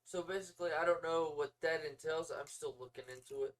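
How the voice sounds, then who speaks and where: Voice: mid-range voice, steady tone, brisk, far from the mic, low-quality recording. A podcast co-host chatting loosely and easily, with filler words and restarts. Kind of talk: casual podcast chat.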